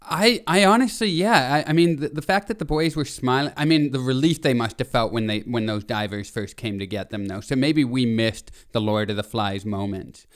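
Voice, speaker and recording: A man's voice: medium pitch, normal speed, few pauses. A man in his thirties co-hosting a podcast, talking casually and animatedly, laughing often and rambling with restarts. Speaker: podcast co-host. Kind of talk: casual chat.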